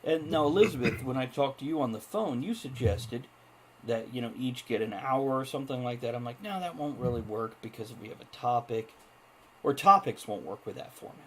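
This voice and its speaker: A man hosting a casual talk show, animated and laughing often. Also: medium pitch, a little fast, a little hiss or hum. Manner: animated, laughing, bursts into jokey put-on accents. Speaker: podcast host. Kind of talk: casual chat.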